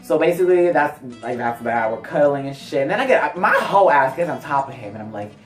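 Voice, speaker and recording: A young man telling a casual, profane story in an animated, chatty way, full of fillers and sudden high pitch jumps. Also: brisk, distant mic. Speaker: vlogger. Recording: roomy sound from off-mic, faint music.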